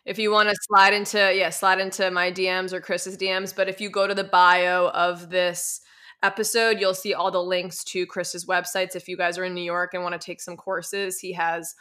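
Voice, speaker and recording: A young adult woman hosting a podcast, telling stories in a chatty, animated way full of fillers. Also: on the low side, moderate pace. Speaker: podcast host. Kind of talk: casual interview chat.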